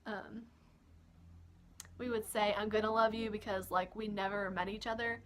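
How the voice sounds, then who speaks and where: A woman's voice: medium pitch, fairly even intonation, normal speed, slight background noise. A young woman from Kentucky telling a personal story in a casual, chatty storytime vlog with frequent giggles. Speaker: vlogger.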